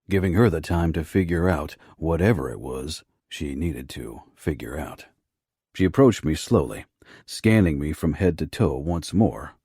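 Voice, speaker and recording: A man narrating a first-person romance audiobook in a low, rough, often hushed delivery. His voice sits extremely deep and carries a husky grain. The recording is dry and close. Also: no echo.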